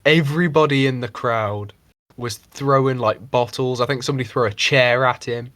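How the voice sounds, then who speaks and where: A man co-hosting a casual podcast, rambling and swearing freely as he mocks people with quick impressions. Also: medium pitch, a bit bright, no room sound. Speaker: podcast co-host. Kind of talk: casual chat.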